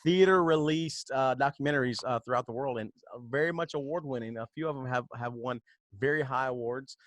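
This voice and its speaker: A man's voice: medium pitch, a little fast, no room sound. A man hosts a casual podcast and rambles through his sentences with plenty of ums and false starts. His voice sits mid-range and the sound is dry and close, with little room in it. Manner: rambling, many fillers and restarts, laughs often. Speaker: podcast host. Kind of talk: casual chat.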